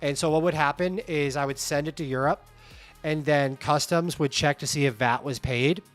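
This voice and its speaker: A man's voice: on the high side, moderate pace, soft background music. A man hosting a livestream, chatting casually and candidly, reading viewer comments aloud. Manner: candid, animated, reads chat comments aloud. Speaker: livestream host.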